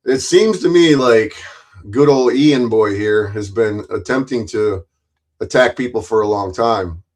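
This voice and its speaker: A man's voice: fairly low pitch, a little slow, a little mellow. A man doing angry ranting commentary on a livestream, profane and confrontational, often stumbling and repeating words. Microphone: streaming mic.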